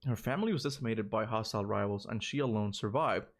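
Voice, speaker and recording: A man's voice: fairly low pitch, quick pace. Casual man reading a theory on stream. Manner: stumbles over reading, breaks into casual asides; says "bro" and "you know" often. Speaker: gaming streamer. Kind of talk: livestream reading a fan theory aloud.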